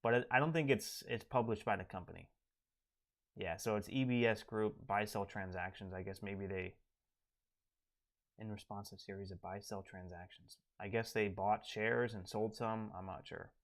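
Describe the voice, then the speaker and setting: A man's voice: on the low side, steady tone, moderate pace. Casual man mumbling through live trading. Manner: casual, thinking aloud, mumbles asides. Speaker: day trading streamer.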